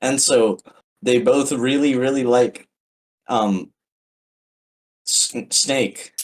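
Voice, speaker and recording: A podcast co-host in casual banter who is excitable and stammers, repeating words. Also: medium pitch, drawn-out words, poor audio.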